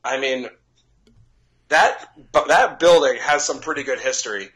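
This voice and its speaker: Husky man rambling enthusiastically. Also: medium pitch, measured pace, fairly bright tone, low-quality recording. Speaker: podcast co-host. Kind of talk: casual chat.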